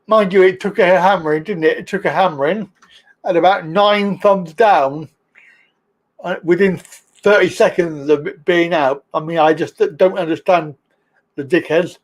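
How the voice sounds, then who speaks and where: A high-voiced man chats on his live stream at a slow, easy pace. He jokes and laughs as he goes. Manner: jokey, chatty, laughs often, slow drawl. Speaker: livestream host. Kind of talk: casual live-stream chat.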